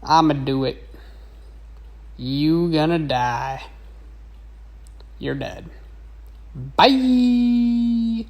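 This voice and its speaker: A woman voicing a greedy, heartless female virus in a low, slangy, half-whispered drawl for a cartoon lesson. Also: lively intonation, extremely slow, long pauses, a little mellow, dull audio, heavily acted. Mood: menacing.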